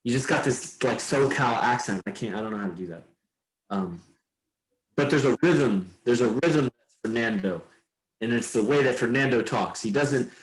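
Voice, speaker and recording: A man hosting a podcast, talking loosely and meandering, swearing now and then. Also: mid-range voice. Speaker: podcast host. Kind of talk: casual rambling chat. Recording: roomy echo.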